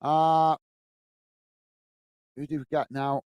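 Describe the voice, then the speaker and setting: A man's voice: fairly high pitch, little pitch movement, takes it slowly, a little mellow, clean tone, no room sound. A man hosting a football watch-along stream, chatting casually and reading out viewer comments to answer them. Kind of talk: live-stream casual chat.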